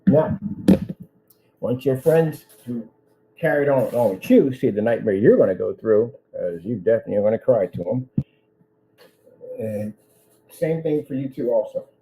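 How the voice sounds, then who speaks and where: A man's voice: mid-range voice, lively intonation, normal speed, pauses often, dark tone, rough recording. A man running his own business, ranting in a vlog with indignant threats aimed at one person. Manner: repetitive, addresses one person directly. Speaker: business owner.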